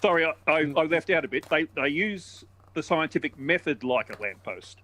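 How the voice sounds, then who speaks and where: A man's voice: on the high side, lively intonation, normal speed, bright, forceful tone. A man joining a live stream as a guest, speaking hesitantly with many fillers and telling a dry joke. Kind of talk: casual conversation on a call.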